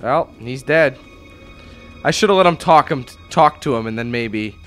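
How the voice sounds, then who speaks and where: A man's voice: medium pitch, expressive, moderate pace, a bit bright. A man narrating his own gameplay in a loose, casual way, swearing freely and restarting his sentences. His voice sits mid-range. Faint game music plays underneath. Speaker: gameplay commentator. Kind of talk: casual let's-play commentary.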